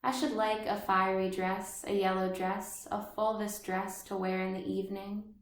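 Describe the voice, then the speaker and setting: A woman reading the part of a vivid, vain young schoolgirl in measured literary narration. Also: medium pitch, flat delivery, echoey room, far from the mic, close to an everyday voice. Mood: eager.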